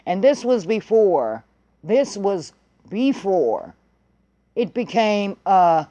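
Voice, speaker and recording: Vlogger, casual storytelling, heated, profane, blunt, warm low tone. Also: big pitch swings, slow pace, lo-fi sound. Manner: blunt, heated, swearing freely.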